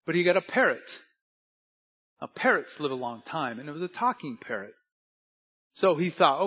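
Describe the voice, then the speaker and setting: A male pastor delivers a sermon with a folksy, storytelling manner, tossing asides to his congregation. His voice sits a little higher than most men's. The recording sounds dull and lo-fi. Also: very animated, normal speed, long pauses, breathy edge.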